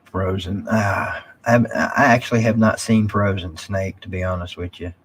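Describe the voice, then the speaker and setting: A man with a drawl hosts a casual live stream, rambling loosely and reading viewer comments aloud as he responds. His low, husky, slightly breathy voice keeps a steady tone at a moderate pace.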